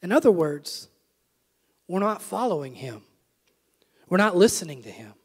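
A young adult man preaching a sermon, with animated repeated refrains and self-deprecating jokes. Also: high voice, normal speed, slightly rough, long reverb tail. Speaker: pastor. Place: church sanctuary.

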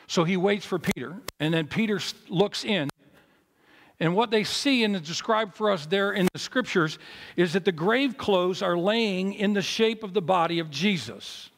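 A pastor giving a sermon at a memorial service in a chapel, telling a story with big swings between loud, high moments and low, quiet ones. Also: male voice, moderate pace, long reverb tail. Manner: animated storytelling with big swings in pitch and loudness.

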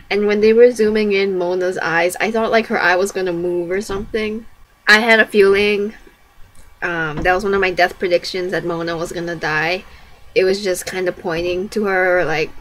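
A young woman chatting excitedly as she reacts to and recaps a TV episode, gushing and exclaiming as she goes. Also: mid-range voice, slight background noise, rough recording. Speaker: TV reaction vlogger. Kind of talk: casual live reaction and recap.

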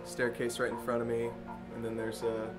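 A young man, a comedian, reacting to a VR horror game with profane, panicky yelling and nervous laughter. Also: mid-range voice, completely flat delivery, normal speed, faint music behind. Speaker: comedian guest.

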